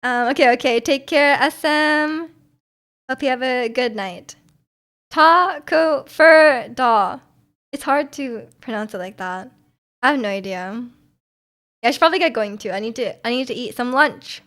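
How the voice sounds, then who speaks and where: A woman's voice: on the high side, moderate pace, a bit bright. A young woman streaming, chatting casually with viewers and reading their comments, rambling with frequent ums and restarts, her voice slightly sore.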